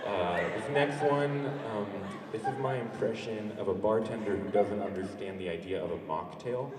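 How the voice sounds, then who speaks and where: A man's voice: fairly low pitch, normal speed. A male stand-up comedian performing a live set in a warehouse, playfully teasing the audience. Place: warehouse venue. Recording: echoey warehouse, far mic, loud crowd.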